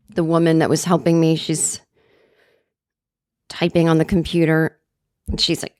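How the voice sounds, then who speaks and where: A woman's voice: deep voice, no echo. Woman ranting on a podcast, dry sound. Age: middle-aged. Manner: animated, sarcastic storytelling with quick asides. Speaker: podcast host. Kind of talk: comedic solo rant.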